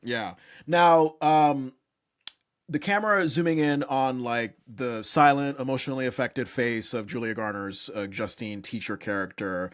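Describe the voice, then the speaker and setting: Brief: male podcast host, mid-pitched, animated and cussing, quick to laugh. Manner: animated, profane, laughs often. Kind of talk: casual chat.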